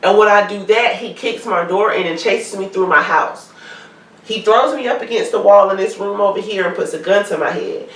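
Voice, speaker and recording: Woman guest, lively storyteller, roomy distant sound. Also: mid-range voice, normal speed. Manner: animated, acts out quoted voices. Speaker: guest telling her story. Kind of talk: casual storytelling interview. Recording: echoey room, distant mic.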